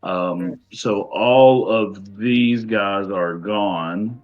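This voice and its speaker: A man running a tabletop game as game master, talking in a hesitant way with many fillers and pauses. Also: on the low side, faint music behind. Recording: dull lo-fi recording.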